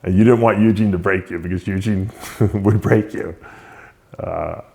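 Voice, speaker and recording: A man's voice: low voice, steady tone, normal speed, vocal fry, mellow. A male show host giving an unscripted spoken tribute to a late friend, reminiscing with frequent short laughs.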